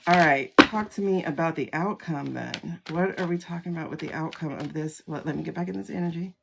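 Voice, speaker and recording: Her voice sits low and sounds creaky as she talks fairly quickly, hosting a casual livestream tarot reading into a phone with background noise present. The woman is chatty, full of exclamations, and greets viewers by name.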